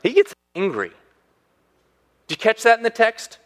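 A man preaching a sermon as a pastor, animated and acting out the voices he quotes. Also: high voice, a little slow, pauses often.

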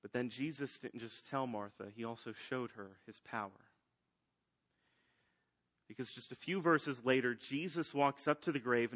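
A man preaching a sermon, swinging between loud emphatic lines and hushed ones. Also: medium pitch. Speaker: pastor.

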